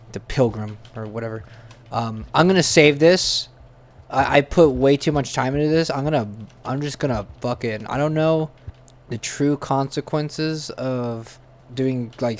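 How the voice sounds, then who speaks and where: A man's voice: medium pitch, a little hiss or hum. A young man giving casual gameplay commentary, tense and swearing, with sudden jumpy outbursts. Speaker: gaming channel host.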